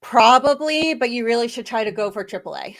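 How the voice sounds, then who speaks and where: A woman's voice: a little high, animated, fairly quick. Chatty woman answering questions. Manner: chatty, friendly, thinks aloud with fillers. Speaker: webinar panelist. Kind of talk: casual webinar Q&A.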